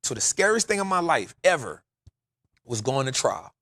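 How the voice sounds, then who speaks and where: A man's voice: medium pitch, very animated, moderate pace, sharp tone, no room sound, studio quality. A man, telling stories emphatically on a casual podcast, often saying "bro" and "real talk". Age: 40s. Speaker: podcast host.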